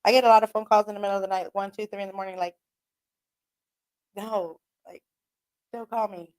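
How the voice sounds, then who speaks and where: A woman's voice: medium pitch, steady tone, fairly quick, darkish tone. A woman, hosting a radio show and chatting casually on her own, rambling, swearing and laughing a lot. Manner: rambling, profane, laughs often. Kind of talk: casual solo chat. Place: radio studio.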